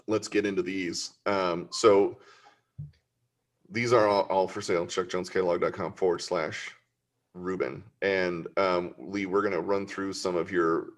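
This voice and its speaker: A man's voice: sits low, level tone, measured pace. A man hosting a casual interview, chatty and easygoing, plugging items for sale. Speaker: host.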